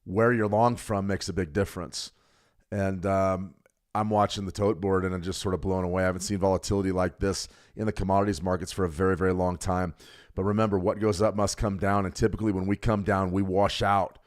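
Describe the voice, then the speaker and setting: A middle-aged man hosting a live trading stream, giving chatty, energetic market commentary and greeting viewers by name. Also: deep voice, brisk.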